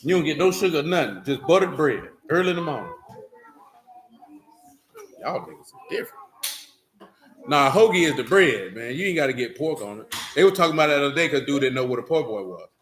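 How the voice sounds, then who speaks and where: A man's voice: a little high, expressive, fast, few pauses, fairly bright tone, a little hiss or hum. A man leading a Bible study, teaching loosely and breaking into teasing, joking asides. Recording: echoey room.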